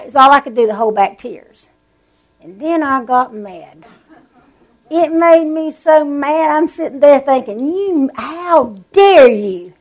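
A woman preaching a sermon, telling stories with animated emphasis and drawn-out words. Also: on the high side, rough recording.

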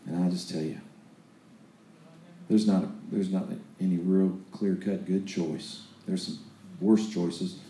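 Folksy, mellow-voiced preacher man, echoey room. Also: low voice, fairly even intonation, unhurried, slight background noise. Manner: folksy storytelling with repeated restarts. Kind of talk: sermon.

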